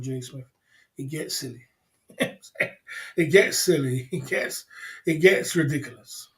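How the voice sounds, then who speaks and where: A man hosting a casual livestream chat, rambling and repeating himself and calling out viewers by name. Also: on the high side. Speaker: livestream host.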